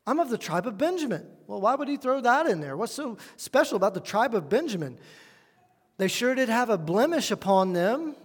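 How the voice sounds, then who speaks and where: A high-voiced man preaches a sermon, earnest and emphatic, pushing his key points loud before dropping to quiet asides. His voice rings with the long reverb of a church hall. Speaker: pastor.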